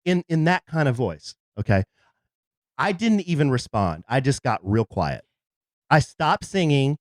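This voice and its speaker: Animated man telling a story. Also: medium pitch, unhurried, dry recording, clean studio sound. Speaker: podcast co-host. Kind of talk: casual storytelling chat. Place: in a car.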